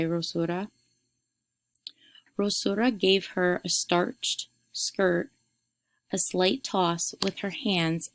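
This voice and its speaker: A woman who teaches eighth grade reading, giving instructions and reading a story aloud clearly for her students. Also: mid-range voice, dry recording.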